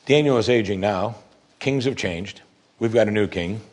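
A man's voice: fairly low pitch, normal speed, darkish tone. A man preaching a sermon, reading scripture aloud and commenting on it with rising emphasis. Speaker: pastor.

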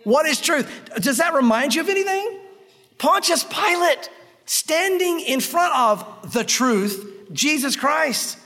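A man's voice: very high-pitched, lively intonation, takes it slowly, pushed and bright, in a large hall. A man preaching a sermon in a conversational, emphatic style, repeating key phrases for effect. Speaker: pastor.

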